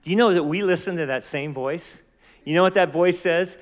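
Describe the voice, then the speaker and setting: Preaching a sermon, a pastor speaks in a brisk, somewhat high male voice, earnest and frequently questioning his listeners. The recording carries a long hall reverb.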